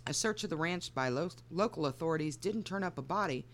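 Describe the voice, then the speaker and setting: A woman's voice: low-pitched, lively intonation, brisk. A woman co-hosting a podcast, trading dry teasing remarks and reading a story aloud with wry asides. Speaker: podcast co-host and story reader. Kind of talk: casual comedic chat and narrating a story.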